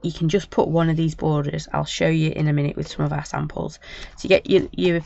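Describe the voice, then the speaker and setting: Lady doing a craft stamp demo live, croaky and gravelly, chatty and rambly, kinda muffled lo-fi sound. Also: deep voice, little pitch movement, fairly quick, darkish tone. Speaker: craft shop host. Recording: dull lo-fi sound.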